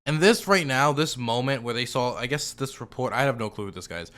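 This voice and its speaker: A man's voice: medium pitch, lively intonation, brisk, a bit bright. A man giving casual, sarcastic reaction commentary as a streamer, rambling with lots of fillers.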